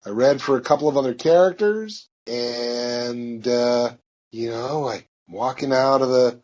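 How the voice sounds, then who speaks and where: Relaxed man telling studio anecdotes. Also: mid-range voice, measured pace. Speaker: voice actor guest. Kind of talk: interview answers, storytelling. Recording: dull lo-fi audio.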